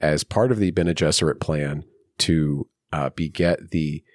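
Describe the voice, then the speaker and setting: A man's voice: a bass voice, measured pace, no room sound, studio quality. A man co-hosting a film podcast, reading out trivia notes and laughing often between them. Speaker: podcast co-host. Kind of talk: casual film podcast chat.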